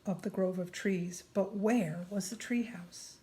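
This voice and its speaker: A woman reads a children's chapter book aloud, taking her time over every line. Her pitch sits in a middle range, and she sometimes sinks to a soft whisper for quiet passages. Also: steady tone. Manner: slow, deliberate, drops to a whisper at hushed moments. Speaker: storybook reader.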